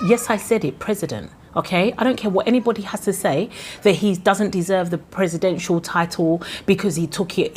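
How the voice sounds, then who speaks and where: A woman's voice: a little high, darkish tone, a little hiss or hum. A woman with a Ghanaian accent, ranting with passion in a vlog, full of indignant rhetorical questions. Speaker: vlogger. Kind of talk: impassioned political rant.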